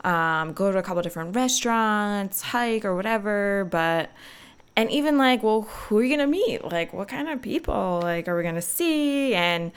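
A woman's voice: medium pitch, lively intonation, moderate pace, clean tone. A young woman hosting a podcast, chatting casually and rambling with lots of fillers. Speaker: podcast host. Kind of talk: casual solo podcast chat.

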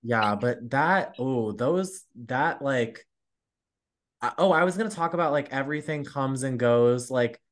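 Young male co-host, rambling, animated, filler-heavy chat. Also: mid-range voice, unhurried. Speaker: podcast co-host. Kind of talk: casual chat.

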